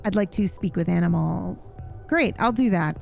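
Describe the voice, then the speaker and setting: A woman's voice: on the low side, normal speed, creaky, faint music behind. A woman streamer playing through a story game live, reading its text aloud and laughing often.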